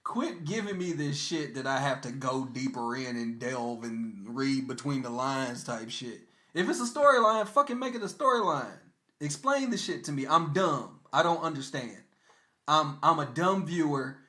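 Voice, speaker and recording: A young man co-hosting a casual podcast, talking in animated, profane bursts. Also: medium pitch, moderate pace. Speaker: podcast co-host. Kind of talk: casual chat. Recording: echoey room.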